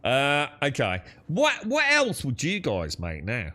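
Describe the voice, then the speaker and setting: A man's voice: medium pitch, wildly swooping pitch, takes it slowly, pushed and bright. A young man chatting casually while playing a co-op game with friends, thinking aloud and laughing easily. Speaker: gamer streaming co-op play. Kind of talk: casual gaming chat.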